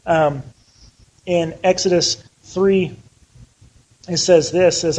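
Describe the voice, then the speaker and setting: A man's voice: high-pitched, moderate pace, slightly rough, low-quality recording. A man teaching a casual Bible study, chatty and conversational, often acting out the people he quotes.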